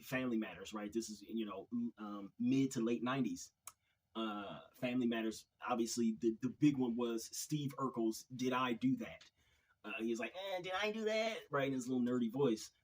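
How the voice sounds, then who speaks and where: A man's voice: mid-range voice, slightly rough, poor audio. A man hosting his own video channel, giving an opinion monologue in a hesitant way, often repeating words and sighing. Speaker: video commentary host.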